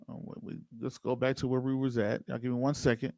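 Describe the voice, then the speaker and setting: A man's voice: medium pitch, flat delivery, quick pace, gravelly, a little mellow, no room sound. A man hosting an investing livestream, chatting loosely and answering viewers' comments by name. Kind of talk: casual livestream commentary reading chat.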